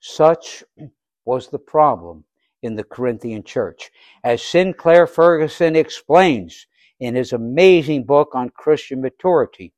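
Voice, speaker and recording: A man preaching a sermon as pastor, asking rhetorical questions and acting out little scenes, swinging between quiet and loud. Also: mid-range voice, animated, a little slow, no echo. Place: church sanctuary.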